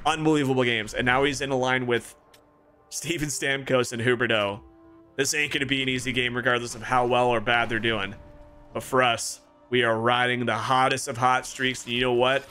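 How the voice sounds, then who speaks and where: A young man commentates his own hockey game in an excitable play-by-play style, his voice at an ordinary middle pitch. Music plays clearly in the background the whole time. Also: normal speed. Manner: excitable play-by-play, rising to shouts. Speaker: gaming streamer. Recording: music playing clearly behind.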